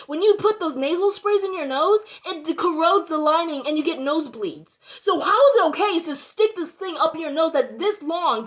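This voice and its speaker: Worked-up high-voiced woman ranting. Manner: worked-up, rambling, swings from quiet to loud. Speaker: vlogger. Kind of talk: heated personal rant to camera.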